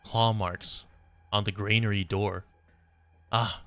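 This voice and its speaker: A man's voice: fairly low pitch, animated, a little slow, sharp tone, clean tone, no echo, faint music behind. A man streaming, reading a game story aloud with musing, chatty asides.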